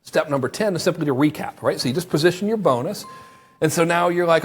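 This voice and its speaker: A man teaches a sales class with a husky voice that sits a bit high. His delivery is animated, and he slips into sample pitches as he goes. His voice sounds strained from long talking. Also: quick pace. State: voice strained, stops for water. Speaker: marketing instructor.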